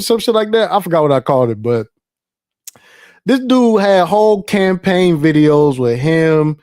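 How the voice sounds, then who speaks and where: Livestream host, male, slightly high voice, dry close sound, swears a lot and rambles. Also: a little slow, clear, resonant tone, no room sound. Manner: animated, profane, rambling. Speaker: live stream host. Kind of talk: casual livestream commentary.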